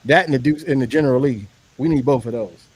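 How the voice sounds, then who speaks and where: A man co-hosting a casual podcast chat, joking around and talking excitedly. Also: mid-range voice, fast talker, husky. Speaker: podcast co-host.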